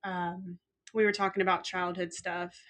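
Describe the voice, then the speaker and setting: A woman's voice: fairly low pitch, moderate pace. A woman co-hosting a podcast, telling funny stories in casual chat, acting out quoted lines with frequent laughs. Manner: animated storyteller acting out quotes, laughs often. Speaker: podcast co-host.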